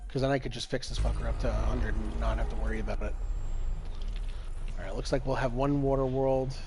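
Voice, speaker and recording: A young man giving live commentary while playing a space game, swearing often and swinging between exasperation and excitement. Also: medium pitch, a little fast, noisy background. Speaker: game streamer.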